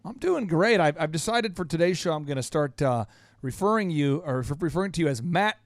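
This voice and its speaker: A man's voice: a little high, expressive, a little fast, no echo, clean studio sound. A man hosting a business podcast, teasing his guest in playful, exuberant banter. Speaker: podcast host. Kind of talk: lively radio show banter.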